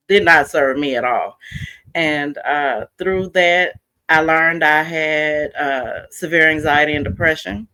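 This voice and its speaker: A woman's voice: deep voice, bright, forceful tone. A middle-aged woman from Houston, a mental health coach, talking earnestly and casually as a podcast guest with many fillers. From Houston, Texas. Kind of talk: casual interview talk.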